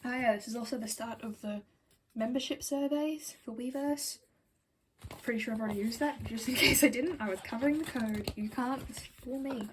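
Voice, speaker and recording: Reviewing her album collection on camera, a giggly, rambling vlogger speaks briskly in a fairly high voice, frequently slipping into whispers and little apologies. The audio is poor, with a slight hiss or hum.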